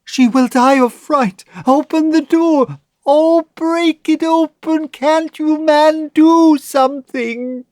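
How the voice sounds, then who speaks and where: A man's voice: extremely high pitch, steady tone, takes it slowly, darkish tone, dry recording, voice pushed up. A man doing a frantic wailing mother. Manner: wailing, pleading. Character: frantic mother of a trapped small girl.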